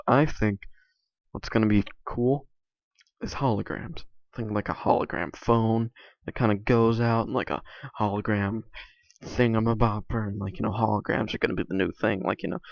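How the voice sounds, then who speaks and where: A young man chatting casually while playing a game, halting and full of fillers and restarts. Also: lowish voice, creaky, no room sound. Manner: halting, filler-heavy, many restarts and likes. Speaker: video creator. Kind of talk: casual rambling commentary over gameplay. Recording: dull lo-fi mic, dry.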